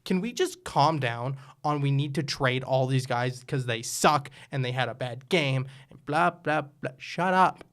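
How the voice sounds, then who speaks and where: A podcast co-host in casual sports chat who gets heated and rants, swearing now and then. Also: medium pitch. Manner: heated, ranting, quick to swear. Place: podcast recording.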